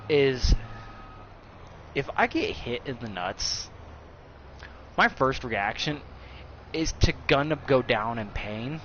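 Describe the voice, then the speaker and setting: A man in his thirties telling a crude, joking story in casual chat, animated and a bit coarse. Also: medium pitch, a little hiss or hum. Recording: slightly dull recording.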